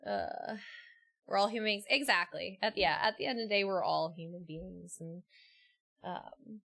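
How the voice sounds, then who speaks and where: A woman's voice: medium pitch, moderate pace, gravelly, pushed and bright. A woman streamer in casual chat, laughing often and talking freely with viewers and her co-host. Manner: giggly, chatty, laughs often.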